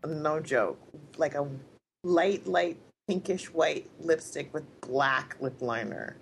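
A woman in a casual group chat, telling stories in an animated way and laughing often. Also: sits low, takes it slowly, vocal fry, a little hiss or hum. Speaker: podcast co-host.

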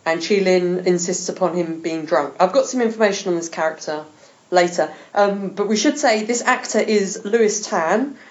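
A woman's voice: on the low side, normal speed, muffled recording. A woman hosting a podcast, chatting with enthusiasm and laughing often. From England. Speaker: podcast host. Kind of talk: casual chat.

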